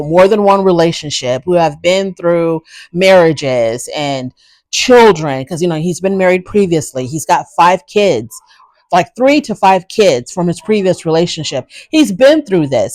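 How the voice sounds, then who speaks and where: Woman host, frank and chatty recap commentary; lowish pitch, dry close sound. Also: darkish tone, dry recording. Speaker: reality show recap host. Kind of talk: casual commentary.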